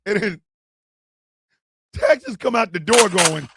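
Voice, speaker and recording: Animated, high-voiced ranting man. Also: normal speed, long pauses, husky, no echo, clean studio sound. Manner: profane, animated, yelling bursts. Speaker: host. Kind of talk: comedic rant commentary.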